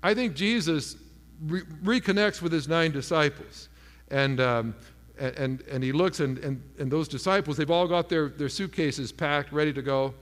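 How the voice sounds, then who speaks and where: A man preaching to a room, his voice sitting a little high as he jumps into the voices of the people in his story. His words ring out into a long hall reverb. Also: moderate pace. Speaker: pastor. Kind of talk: sermon.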